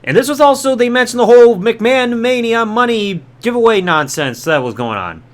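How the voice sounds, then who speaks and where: A man hosting a podcast, recapping storylines in a chatty, casual way with quick asides and quoted lines. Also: extremely high pitch, animated. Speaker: podcast host.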